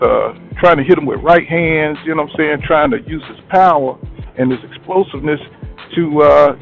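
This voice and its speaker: Slangy man with a tinny phone sound. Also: a little high. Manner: repeats "you know what I'm saying" constantly, slangy and blunt. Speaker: boxing commentator. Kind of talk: casual commentary monologue.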